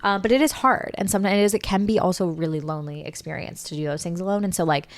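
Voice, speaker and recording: A woman's voice: fairly low pitch, very fast. A young woman guest chatting casually as a supportive friend, often chiming in. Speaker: podcast guest, best friend. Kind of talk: casual chat.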